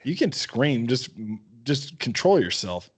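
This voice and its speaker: A man's voice: medium pitch, slow, slightly rough. A man co-hosting a podcast in casual chat, telling stories with swearing and acted-out voices. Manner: animated, swearing storyteller. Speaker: podcast co-host.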